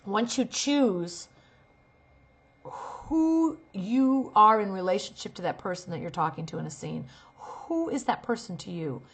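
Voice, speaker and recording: With a medium-pitched, expressive voice that's a little slow and has a breathy edge, a middle-aged acting coach and talent manager runs a casual lesson. She explains by performing sample lines, sliding between earnest and sarcastic delivery.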